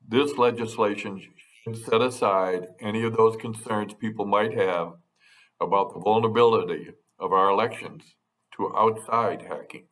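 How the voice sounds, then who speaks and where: A middle-aged man, a state legislator, delivering a prepared update to his constituents in a measured, dry manner with touches of sarcasm. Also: fairly low pitch. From United States.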